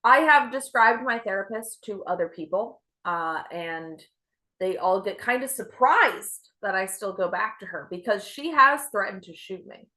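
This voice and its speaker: A young woman performs stand-up with a bright, crisp tone. She jokes dryly at her own expense in a deadpan way. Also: medium pitch, a little slow. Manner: self-deprecating, deadpan delivery. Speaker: stand-up comedian. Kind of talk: stand-up set.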